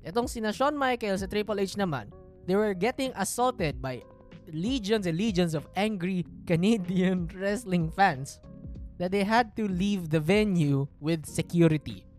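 A woman with a Filipino accent hosting a casual storytelling podcast, telling the story in an animated way. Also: mid-range voice, normal speed, soft background music. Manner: animated, code-switching storyteller. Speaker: podcast host.

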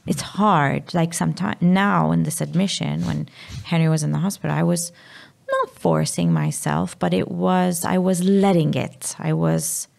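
A Maltese-accented woman, a mother talking candidly about her sick child, pausing and searching for her words. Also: on the low side, fairly even intonation, creaky, darkish tone. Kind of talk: candid emotional conversation.

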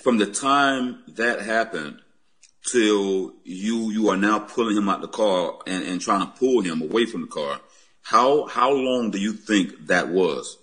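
A man asking an interview question slowly and politely. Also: on the low side, a bit bright.

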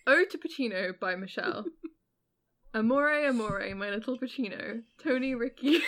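A woman's voice: a little high, expressive, normal speed, fairly bright tone. Giggly young woman reading a poem. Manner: giggly, reads with mock drama. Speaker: podcast co-host. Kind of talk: casual chat, reading a fan poem aloud.

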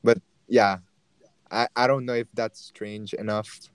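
A man's voice: lowish voice, steady tone, unhurried, clear, resonant tone, no room sound. A teenage boy chatting casually on a remote call and asking the group questions, easygoing. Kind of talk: casual chat.

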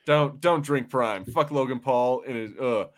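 Cursing podcast host guy, blunt, laughs a lot, mid pitch. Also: measured pace. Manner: blunt, profane, laughing often. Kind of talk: casual chat.

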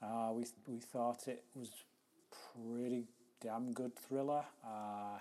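A man, co-hosting a casual film review chat in a relaxed way, often repeating words as he starts a thought. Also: mid-range voice, slow. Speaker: podcast co-host.

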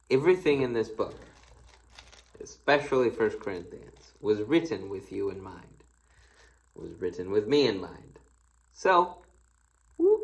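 A man's voice: on the low side, creaky, low-quality recording. A man, a pastor, giving a casual devotional, reading scripture aloud and then commenting in a folksy, playful, conversational way. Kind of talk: casual devotional Bible teaching.

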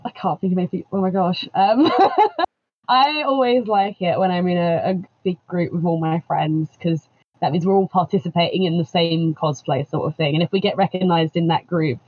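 Bubbly woman, husky lo-fi audio. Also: on the low side, normal speed. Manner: bubbly, laughs often, many "like" fillers. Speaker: cosplayer guest. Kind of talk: casual panel chat. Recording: dull lo-fi audio.

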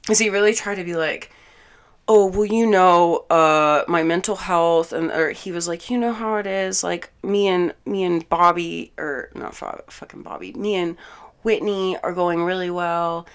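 A young woman telling a story in a casual vlog, animated and exasperated, swearing a lot and acting out both sides of an argument. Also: on the low side, measured pace, clean tone. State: angry and exasperated.

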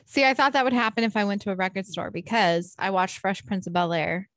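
A young woman chatting casually on a podcast, giggly and animated as she tells stories. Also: medium pitch, a little fast, no room sound. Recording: dry close mic.

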